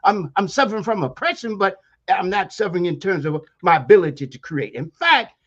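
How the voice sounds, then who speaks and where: A man's high-pitched, slightly bright voice moves fairly quickly with lively intonation over lo-fi sound. He's a Maryland Eastern Shore native and university lecturer with a local Black vernacular accent, giving an emphatic, preacherly interview packed with rhetorical questions.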